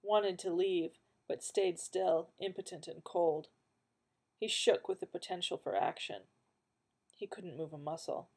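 Mellow-voiced woman narrating a story. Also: lowish voice, unhurried, gravelly, breathy edge. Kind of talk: audiobook narration.

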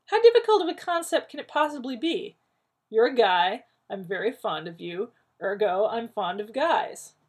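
A woman voicing an excitable, fussy man who talks quickly and indignantly, in a husky, gravelly voice. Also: fairly high pitch, pitched above the performer's own voice, heavily acted. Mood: exasperated. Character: brash, fussy, excitable man, talking fast.

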